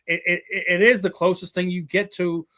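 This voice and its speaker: A male host talking combat sports in a relaxed chat, his voice sitting a little high and sounding bright and forceful. He builds long, winding arguments, piling one opinion onto the next. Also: moderate pace. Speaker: interview host.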